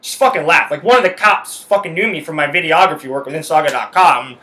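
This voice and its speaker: A man's voice: a little high, quick pace, bright, forceful tone. A man hosting a solo podcast, telling a story in a heated, profane rant full of swearing. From Canada. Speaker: podcast host. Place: his house.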